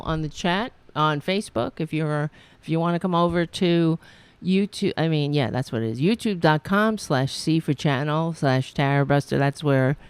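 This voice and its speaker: A woman's voice: sits low, smooth. Blunt, profane woman streaming political talk. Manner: blunt, profane, exasperated asides. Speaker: political talk show host. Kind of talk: live-streamed political commentary. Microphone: streaming mic. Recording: tinny mic sound.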